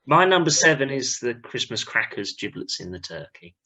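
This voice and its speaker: Lively bright-voiced man hosting a podcast. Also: medium pitch, normal speed. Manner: lively, steers the conversation. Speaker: podcast host. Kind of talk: casual chat.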